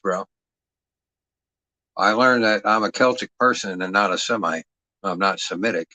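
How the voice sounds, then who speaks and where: A middle-aged man with a fairly low-pitched yet bright, forceful voice rants on a livestream, swearing constantly. He aggressively mocks his listener with rhetorical jabs. It's a rough recording, dry and close, with no room sound at all.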